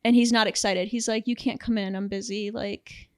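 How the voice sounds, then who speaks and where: A woman's voice: mid-range voice, smooth, dry recording, clean studio sound. A young woman co-hosting a podcast, casually retelling a film's plot and quoting its characters. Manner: animated retelling, quoting characters in quick voices. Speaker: podcast co-host. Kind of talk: casual film review chat.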